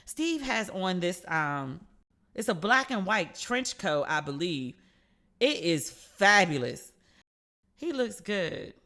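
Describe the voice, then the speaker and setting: A woman hosting a casual solo podcast, telling stories with playful, animated asides. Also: fairly low pitch, slow pace. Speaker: podcast host.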